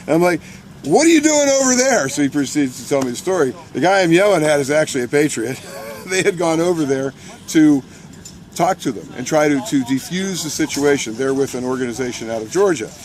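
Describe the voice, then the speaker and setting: A man recounting a protest in animated first-person storytelling, restarting and repeating words and laughing as he goes. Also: a little high, brisk. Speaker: militia member recounting a protest.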